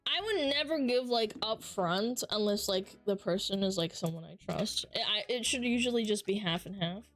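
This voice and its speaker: A woman VTuber streamer chatting casually into a headset, animated and swearing often. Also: medium pitch, moderate pace, faint music behind.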